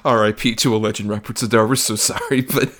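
A man co-hosting a casual movie podcast, laughing often and dropping quick mocking impressions of actors. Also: on the low side, fairly even intonation, fairly bright tone, a little hiss or hum. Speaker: podcast co-host. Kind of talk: casual movie review chat.

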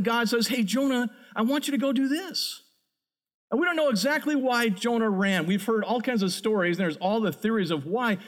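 Middle-aged preacher guy with a high voice, animated, tells stories that build up big. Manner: animated storyteller, builds to excited peaks. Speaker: pastor. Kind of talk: sermon with a personal story.

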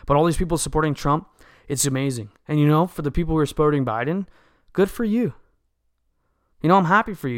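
A man's voice: a little high, smooth, dry recording, clean studio sound. A man giving an earnest, lecturing opinion monologue to his viewers, often restarting phrases and checking in with "okay?". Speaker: political commentator. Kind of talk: casual opinion monologue to camera.

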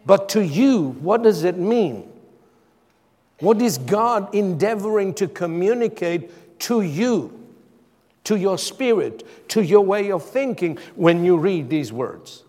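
Slow-preaching man in a reverberant hall. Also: high-pitched, animated, warm tone. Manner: preaching with dramatic pauses, rising to emphatic calls. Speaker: pastor. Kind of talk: sermon. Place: church hall.

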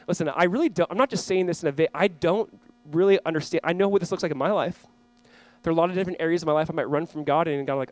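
A man preaching a sermon as pastor, impassioned, swinging from loud cries to hushed low lines, acting out quoted voices in a casual way. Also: racing. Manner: impassioned, voice rising and dropping sharply.

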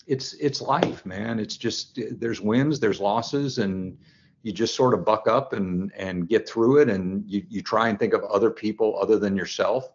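A man's voice: lowish voice, unhurried, a little hiss or hum. A man in his sixties, a football coach, telling his story in an earnest, reflective way as an interview guest. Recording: dull lo-fi sound.

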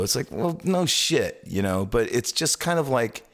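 A man co-hosting a casual music podcast, telling stories with many stammered restarts. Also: measured pace. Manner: animated storyteller, swings pitch wide, stammers on restarts. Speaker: podcast co-host. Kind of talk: casual chat.

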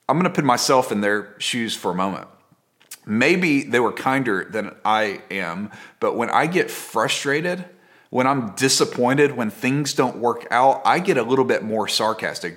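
A male pastor preaching in a conversational, storytelling way. His pitch sits in a middle range. He repeats phrases for effect, and his voice sinks to a near hush on the key lines. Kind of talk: sermon.

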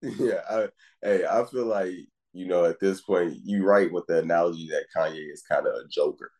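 Podcast co-host, man, very low and husky voice, loose rambling chat. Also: moderate pace, darkish tone. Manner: rambling, repeats "it's just like" and "you feel me". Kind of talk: casual chat.

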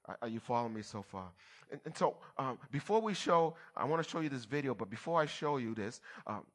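This sermon comes from a pastor whose medium-pitched voice is brisk with lively intonation. He works the crowd through call-and-response, checking on the congregation and teasing with playful remarks.

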